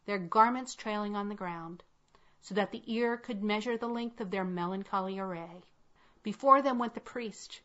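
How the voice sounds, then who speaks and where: A woman reading a classic story aloud in a measured, solemn storytelling manner. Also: medium pitch, fairly bright tone. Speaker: narrator. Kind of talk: scripted narration of a classic story. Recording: slightly muffled lo-fi.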